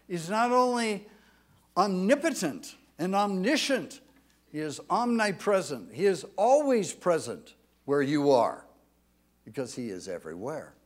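Man, pastor, sermon, high voice, slow deliberate pace, emphatic, halting restarts. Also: sing-song. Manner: emphatic, swells loud when reading scripture aloud.

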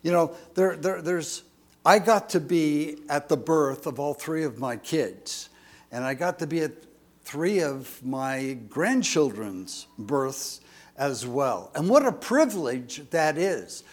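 A man's voice: fairly high pitch, animated, slow. An older man in his sixties preaching a folksy sermon, chatty and rambling, with jokes and asides.

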